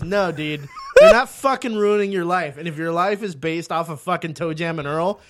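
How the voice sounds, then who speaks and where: A man's voice: high voice, moderate pace. A man co-hosting a podcast, ranting in casual chat with heavy profanity. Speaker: podcast co-host.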